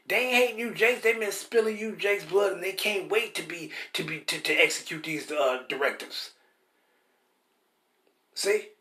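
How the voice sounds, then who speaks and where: A man's voice: high voice, a bit bright. A man preaching scripture in an emphatic, repetitive way, stumbling over words as he restarts sentences. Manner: emphatic and repetitive, keeps asking "See?"; stammers and restarts while hunting for words. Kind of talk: street-style scripture teaching. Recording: roomy echo.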